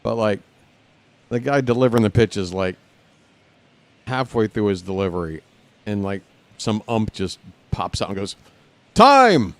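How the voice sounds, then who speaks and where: A man streaming live gameplay from a lounge chair at home, talking to the game and reacting loudly as he plays. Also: fairly low pitch, fairly even intonation, normal speed, pauses often, no room sound. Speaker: gaming streamer.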